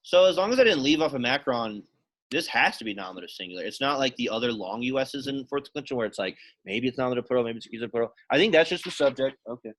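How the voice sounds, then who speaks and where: A man's voice: mid-range voice, animated, very fast, fairly bright tone, no room sound. A man teaching a Latin class, casually quizzing students by name and thinking aloud as he works through sentences in a classroom. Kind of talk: classroom lesson.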